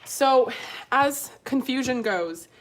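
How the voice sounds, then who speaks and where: A woman's voice: high voice, lively intonation, slow pace. A woman giving a live tarot reading with channeled messages, talking casually and frankly, swearing freely and laughing often. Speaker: tarot reader.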